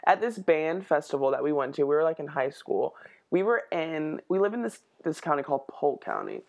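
A young woman from the United States co-hosting a podcast, chatting casually, loud and playful, with a lot of swearing. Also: deep voice, very animated, a little fast, vocal fry. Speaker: podcast co-host. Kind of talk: casual chat.

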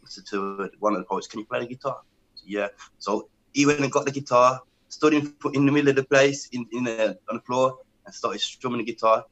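A man who is a poet, telling his story calmly and steadily as an interview guest. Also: medium pitch, brisk, few pauses, lo-fi sound.

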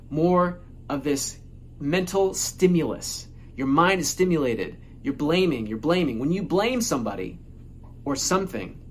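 A man's voice: a little high, slight background noise. A man delivering a casual motivational monologue as a self-help speaker, emphatic and repetitive, swearing freely.

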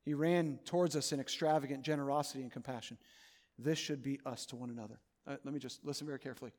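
A man preaching a sermon as pastor of his church, earnest, moving between loud urging and soft, hushed pleading. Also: mid-range voice, steady tone, quick pace, big-room sound. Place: church sanctuary.

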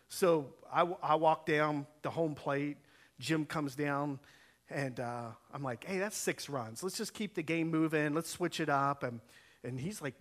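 A man preaching a sermon as a pastor, telling a story with lively quoted dialogue, his voice rising and falling as he acts out each part. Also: a little high, moderate pace. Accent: Ohio. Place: church sanctuary.

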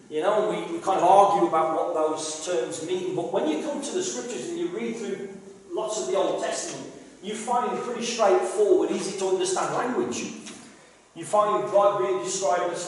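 A pastor delivers an earnest, emphatic sermon, drawing out scripture lines slowly for weight. His voice sits high for a man. The live recording is full of long church-hall reverb, picked up from a distance. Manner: earnest, emphatic preaching with dramatic slow readings.

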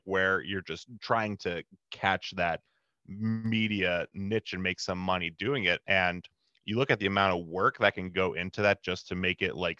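A man's voice: sits low, sharp tone, clear, resonant tone, dry recording, muffled recording. A man hosting a podcast, talking in a laid-back, rambling way and dropping in mm-hmms. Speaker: podcast host. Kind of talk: casual podcast chat.

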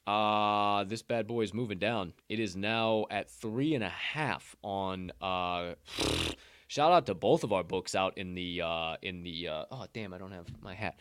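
A man's voice: low-pitched, a little slow, a bit bright, smooth, no room sound, clean studio sound. A man hosting a sports betting show from a sportsbook, chatting casually with loose, profane joking asides.

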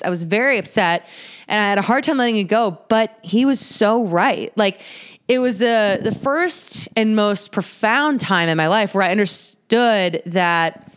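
Young woman, casual confessional talk, swears freely, animated quoted outbursts, mid-pitched voice. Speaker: podcaster sharing personal stories. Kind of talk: casual personal monologue. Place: home in Chicago.

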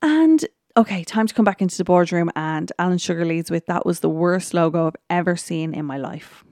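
Woman, podcast host, casual chatty recap, dry close sound, gravelly. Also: on the low side, a little fast, a little mellow, dry recording. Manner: chatty retelling full of "look" and "um".

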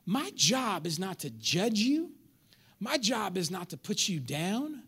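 In a church, a pastor whose voice sits high and slightly rough preaches slowly through a lively sermon. He animatedly acts out members of his congregation and trades jokes with the crowd.

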